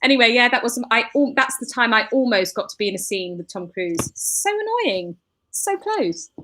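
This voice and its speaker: A middle-aged woman co-hosting a comedy podcast live, telling a story in an animated way, laughing and acting out the people in it. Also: a little high, normal speed, slight background noise. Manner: animated, laughing, acts out the people in her stories.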